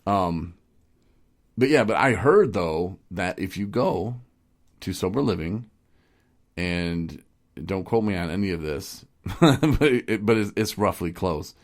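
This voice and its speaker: A man's voice: deep voice, lively intonation, takes it slowly. A man hosting a casual podcast who rambles and jokes, often restarting his sentences. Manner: rambling, joking, many restarts. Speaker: podcast host.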